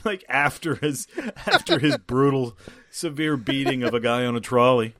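A man's voice: medium pitch, moderate pace. A man chatting casually about a movie, laughing and swearing as he tells what he saw. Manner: laughing, animated, swears, lots of yeah. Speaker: podcast co-host.

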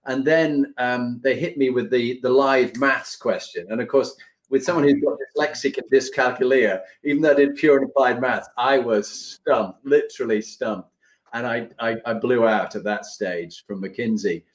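A man's voice: medium pitch, normal speed, low-quality recording. A man hosting an interview, chatty and telling his own stories. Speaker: host. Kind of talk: casual podcast interview.

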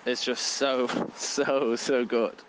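A young man in his twenties talks casually about films, circling his points with plenty of "like" and small laughs. His voice sits in a middle pitch, and faint background noise runs under the recording. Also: flat delivery, slow pace. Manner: rambling, full of "like" fillers, laughs often. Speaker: podcast co-host, film reviewer. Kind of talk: casual film review chat.

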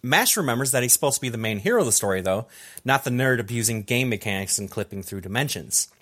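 A man's voice: medium pitch, lively intonation, fast, a bit bright. A young man hosting a casual comedy podcast, reading a jokey episode recap with asides to his friends. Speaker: podcast host summarizing anime episodes.

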